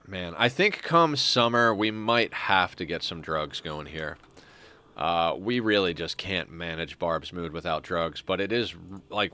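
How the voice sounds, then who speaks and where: A man with a low, bright voice talks through a strategy game on stream. He thinks aloud, trailing off and restarting his sentences as he weighs each decision. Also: smooth. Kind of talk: casual gameplay commentary.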